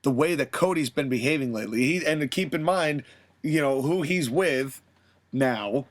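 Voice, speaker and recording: A man hosting a podcast, narrating a wrestling fantasy booking story in an animated way. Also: medium pitch, normal speed. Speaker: podcast host.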